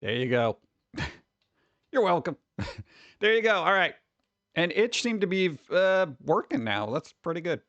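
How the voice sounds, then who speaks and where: A man hosting a casual livestream, chatting with viewers in a jokey, excitable way, with sudden exclamations. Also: sits high, a little slow, long pauses, no echo, dull audio. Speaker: livestream host.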